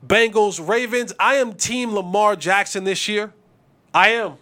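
A man hosting a casual sports talk show, making lively game picks and trash talk with frequent repeated words. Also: high-pitched, unhurried. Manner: animated, trash-talking, stumbles and repeats. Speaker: podcast host and former receiver.

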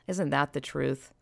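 A woman's voice: sits low, vocal fry, no echo. A woman giving a casual opinion monologue, blunt and profane, emphatic, with frequent sighs. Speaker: vlogger.

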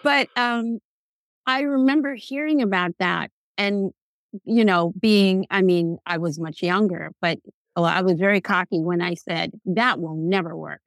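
A middle-aged woman speaking candidly in a casual interview, animated and quick to laugh, acting out the things she once said. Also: mid-range voice, no room sound. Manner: candid, animated, laughs often, acts out quotes. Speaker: guest.

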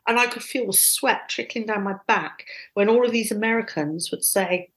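A woman casually telling animated, self-deprecating stories from her past. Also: mid-range voice, normal speed, few pauses, low-quality recording. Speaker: guest storyteller.

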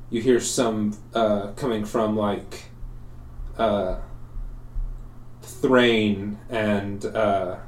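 A man narrating a tabletop game as game master, relaxed and halting with frequent fillers. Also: fairly low pitch. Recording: roomy echo.

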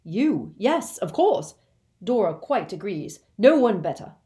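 A woman voicing a gentle, worn-out middle-aged wizard man in a storybook reading, earnest and exclaiming. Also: medium pitch, very animated, takes it slowly, voice pushed up. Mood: overjoyed.

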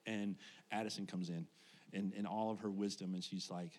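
A man in his thirties preaching a sermon to his congregation, telling family stories in a relaxed, conversational way with frequent laughs. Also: sits low, brisk. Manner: conversational, animated storytelling with laughs. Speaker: pastor. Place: church sanctuary before congregation.

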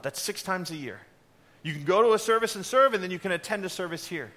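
A man's voice: high voice, fast talker, pushed and bright. A man preaching a sermon to his congregation, earnest and direct, with offhand asides. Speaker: pastor.

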